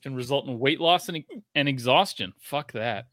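Bright-voiced man rambling on a podcast. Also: mid-range voice, normal speed, slight background noise. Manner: rambling, swears casually, trails off and restarts. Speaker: podcast co-host. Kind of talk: casual podcast chat. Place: home garage.

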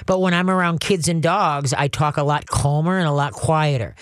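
A woman's voice: low-pitched, normal speed, dry recording. Older woman, radio host, folksy, chatty, very dry close sound. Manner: chatty and folksy, acts out dog commands. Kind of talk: call-in radio advice.

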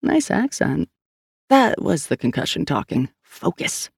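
A man's voice: fairly high pitch, big pitch swings, a little slow, gravelly, slightly rough, no room sound, clean studio sound, heavily acted. A narrator voicing a wry, flippant young male tech geek in an audiobook.

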